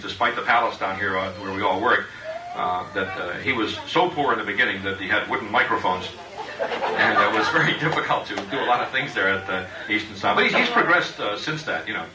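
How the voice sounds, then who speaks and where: A man's voice: on the low side, brisk. Guy doing a roast at a birthday party, lots of uhs, laughs at his own jokes, noisy background. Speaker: party guest giving a roast speech. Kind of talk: comic roast speech to a party crowd. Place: party room with guests. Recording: echoey room, distant mic, background noise.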